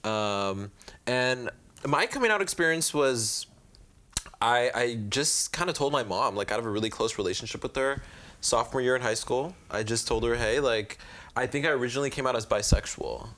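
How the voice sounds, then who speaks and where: A man's voice: medium pitch, expressive, moderate pace, a bit bright. Easygoing young male podcast host. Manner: easygoing, reflective, laughs often. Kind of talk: casual chat.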